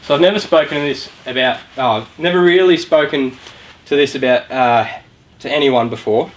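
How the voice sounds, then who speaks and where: This low-quality clip captures a young Australian man speaking at normal speed in a medium pitch. He works for a youth charity and is giving a relaxed, conversational motivational talk to a young audience in a room, quizzing them as he goes.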